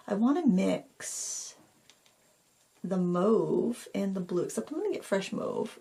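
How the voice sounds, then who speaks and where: A woman's voice: medium pitch, lively intonation, a little slow, gravelly, mellow. Chatty New woman painting. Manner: rambling, self-deprecating, talks to viewers while working. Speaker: painting tutorial host. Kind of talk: casual chatty painting tutorial.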